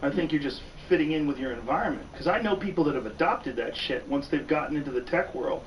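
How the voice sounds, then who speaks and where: A man with a fairly high voice hosts a casual chat, blunt and quick to joke and swear. He sounds set back from the mic, with a faint hiss in the recording. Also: expressive, lo-fi sound. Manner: blunt, profane, joking. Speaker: podcast host. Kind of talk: casual conversation. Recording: distant podcast audio with faint noise.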